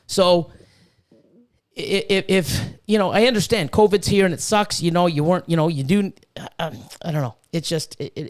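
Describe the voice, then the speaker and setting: A man hosting a podcast, ranting heatedly with lots of swearing and stumbling restarts. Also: sits high. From Canada. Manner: heated, profane, full of restarts. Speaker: podcast host and snake breeder. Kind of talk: casual podcast rant.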